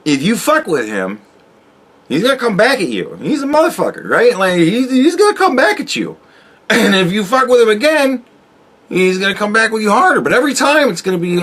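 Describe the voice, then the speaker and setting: A man's voice: high-pitched, very animated, a little fast, a bit bright. Profane sarcastic man in his forties. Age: 40s. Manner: profane, sarcastic, talks straight to the viewer. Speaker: YouTube commentator. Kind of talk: ranting political commentary.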